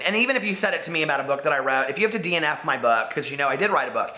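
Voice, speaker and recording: A man's voice: fairly high pitch, expressive, very fast, few pauses, bright, forceful tone. Chatty man in an echoey room. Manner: rambling, chatty, addresses viewers directly. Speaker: book vlogger. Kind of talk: chatty book talk to camera. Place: room at home among stacked books. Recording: roomy echo.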